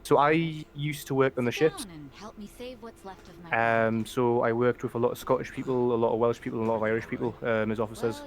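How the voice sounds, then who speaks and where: A man's voice: mid-range voice, steady tone, fairly quick. A man with a Geordie accent from Northern England, chatting casually and rambling through a let's play. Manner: rambling, filler-heavy talk. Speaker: streamer. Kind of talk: casual chat.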